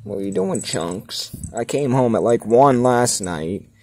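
A man in a casual video, talking to his outdoor cats and explaining their quirks. He speaks slowly and loosely, and his pitch swings a lot as he teases them. Faint outdoor noise runs underneath. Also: sing-song, creaky. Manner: laid-back, chatty, talks fondly and teasingly to the cats. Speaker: cat owner filming his outdoor cats. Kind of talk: casual vlog narration. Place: outdoors at home.

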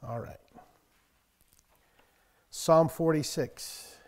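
This is a man in his sixties preaching to a small congregation, with a voice pitched a little higher than most men's. He talks in a folksy, storytelling way and breaks into loud emphasis when he reads scripture. The sound carries a long reverb from the church hall. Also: very slow. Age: 60s. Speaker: pastor. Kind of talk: conversational sermon.

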